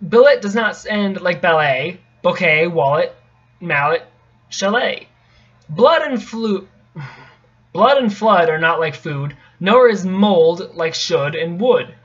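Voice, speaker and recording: A young man reading a tricky poem aloud in a casual, halting way, often stopping to correct himself and mutter asides. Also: high voice, lively intonation, a bit bright. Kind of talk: casual stumbling read-aloud. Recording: dull lo-fi home recording.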